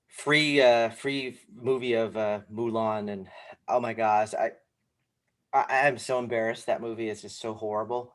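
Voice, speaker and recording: Give me a man co-hosting a casual podcast, talking animatedly and rambling. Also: medium pitch. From came to this country when young. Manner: animated, rambling, many fillers. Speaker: podcast co-host. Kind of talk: casual sneaker podcast chat.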